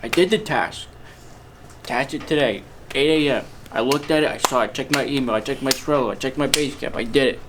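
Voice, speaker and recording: A man in an office comedy skit, deadpan and defensive as he makes excuses. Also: mid-range voice, fairly quick, background noise. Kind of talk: mockumentary comedy acting.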